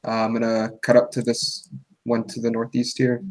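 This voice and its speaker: A man's voice: medium pitch, completely flat delivery, moderate pace, slight background noise, poor audio. A man playing a tabletop game, chatting casually and tossing in jokes. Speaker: player.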